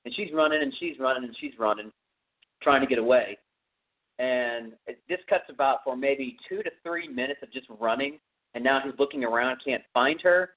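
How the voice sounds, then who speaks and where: A man's voice: mid-range voice, moderate pace. A man with a Texan accent hosting a podcast, casually retelling a horror movie's plot in a rambling way full of fillers. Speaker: podcast host. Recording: tinny phone-like audio.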